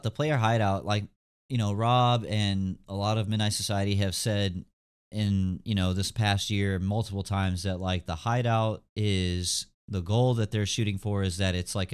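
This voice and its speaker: Young male podcast host; low, smooth voice, loose rambling delivery full of fillers. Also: steady tone, moderate pace. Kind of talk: casual chat.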